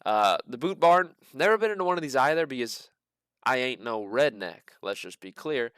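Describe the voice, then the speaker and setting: A man hosting a casual stock market show, drifting through earnings picks with sarcastic jokes and side comments. His voice is smooth and clear, at an ordinary middle pitch, recorded close and dry with no room sound. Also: lively intonation, normal speed, a bit bright, no room sound. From American Midwest. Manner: joking, rambling asides with sarcastic quips. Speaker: stock market channel host.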